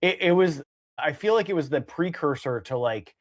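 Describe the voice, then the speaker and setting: A man's voice: fairly high pitch, expressive, normal speed. A man co-hosting a podcast, talking casually with lots of fillers and restarts. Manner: rambling, many fillers and restarts. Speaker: podcast co-host.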